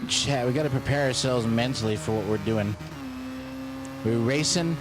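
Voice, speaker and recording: A man's voice: medium pitch, moderate pace, over music. A young man streaming a racing game, chatting casually and goofily, repeating phrases for fun. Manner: goofy, repeats phrases playfully. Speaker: gaming streamer. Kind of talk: casual livestream commentary.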